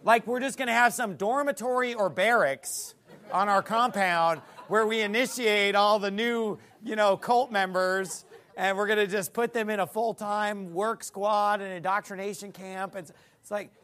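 A man's voice: high-pitched, fairly bright tone. A male pastor preaching a sermon in a church, blunt and mocking.

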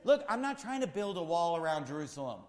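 Male pastor, high voice, fiery sermon delivery, long church reverb. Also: big pitch swings, fast talker. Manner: impassioned preaching, rising to shouts.

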